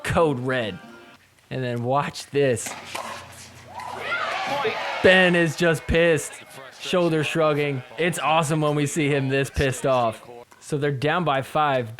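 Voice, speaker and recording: Animated man joking through a sports recap. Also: fairly high pitch. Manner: animated, mocking players with quick put-on voices; swears casually. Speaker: podcast host recapping matches. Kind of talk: casual sports recap commentary.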